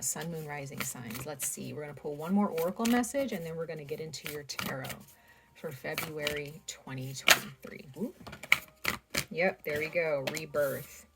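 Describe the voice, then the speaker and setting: A woman giving a casual tarot reading, talking straight to her viewers with lots of fillers. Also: deep voice. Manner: chatty, speaks straight to viewers with many fillers. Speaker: tarot reader.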